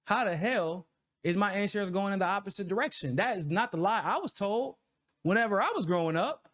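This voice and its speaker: A man's voice: high-pitched, fairly quick. A man in his thirties co-hosting a casual commentary chat, ranting with profanity and frequent laughter. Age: 30s. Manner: profane, laughing, animated rants. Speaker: co-host.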